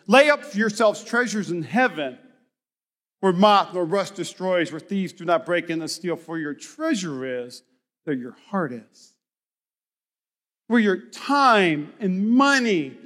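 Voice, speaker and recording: A high-pitched man preaches from the stage of a large church, and his voice rings out through a long, echoing hall. He moves between lively storytelling and sudden shouted bursts. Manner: energetic, shouting bursts, storytelling with acted-out dialogue. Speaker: pastor. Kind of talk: sermon.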